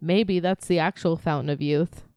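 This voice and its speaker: A young woman co-hosting a podcast in casual chat, blunt and animated, swearing freely. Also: normal speed, no echo, clean studio sound. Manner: blunt, swears a lot, animated, jumps high when mimicking. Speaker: podcast co-host.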